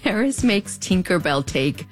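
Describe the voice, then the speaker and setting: A woman's voice: fairly low pitch, big pitch swings, measured pace, faint music behind. A woman in her thirties with a US-Mexico border accent, telling a scripted story in a wry, conversational way with playful asides. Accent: US-Mexico border (fronterizo). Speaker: host. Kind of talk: scripted narration.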